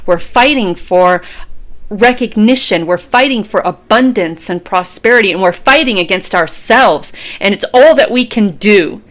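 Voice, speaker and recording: A woman's voice: medium pitch, normal speed. A woman in her fifties gives a fervent, preachy motivational talk as a tarot reader. She repeats phrases and swears freely as she urges her viewers on. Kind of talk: impassioned motivational monologue.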